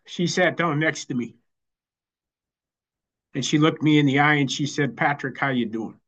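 A man giving a personal recovery share as the keynote speaker, halting and repeating words as he goes. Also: fairly high pitch, fairly even intonation, fairly bright tone. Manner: halting, repeats words while finding them. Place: online meeting.

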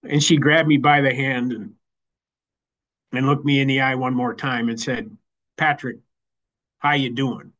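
A man giving a personal recovery share as the keynote speaker, halting and repeating words as he goes. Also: medium pitch, fairly even intonation, fairly bright tone, dull audio. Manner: halting, repeats words while finding them. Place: online meeting.

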